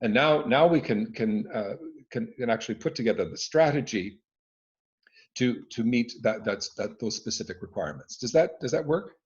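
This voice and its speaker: Expressive man coaching over a lo-fi call. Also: mid-range voice, moderate pace. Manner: expressive, emphatic, frequent restarts. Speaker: speaking coach and former conductor. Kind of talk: expert answering interview questions. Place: his living room at home. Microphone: video call. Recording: dull lo-fi video call audio.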